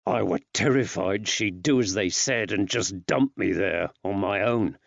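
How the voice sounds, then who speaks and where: A man playing a weary, gruff working-class constable and husband who talks in a blunt, plain-spoken way. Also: lowish voice, unhurried, dry recording. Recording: dry, slightly dull recording.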